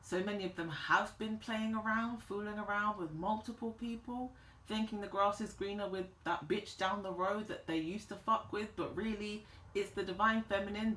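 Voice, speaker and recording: A woman giving a tarot reading in a vlog, talking in an emphatic, animated and slangy way. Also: medium pitch, slight background noise. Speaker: tarot reader. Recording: roomy echo.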